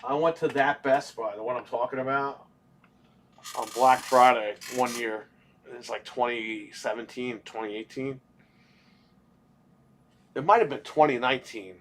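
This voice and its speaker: A young man on a casual gaming stream, talking in a loose, rambling way and swearing often. His voice sits at an ordinary middle pitch for a man. He tells everyday stories to his co-hosts and chat. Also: measured pace, long pauses, fairly bright tone, slight background noise. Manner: profane, rambling storytelling. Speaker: podcast co-host.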